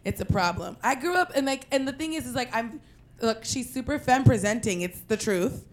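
A young woman from Queens telling a personal story in an animated, profane way, breaking into loud shouted quotes. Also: on the high side, brisk. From Queens, New York.

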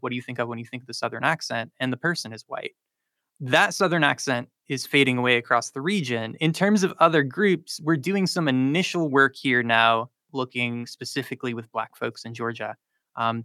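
A man's voice: medium pitch, sharp tone, dry recording. A man, a linguistics professor, explaining his research on a radio interview with frequent ums and likes.

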